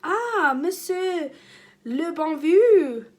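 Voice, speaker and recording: A woman's voice: sits high, lively intonation, slow pace, voice pushed up. A woman voicing a gushing, easily wounded female teacher who loves all things French, with sing-song French flourishes.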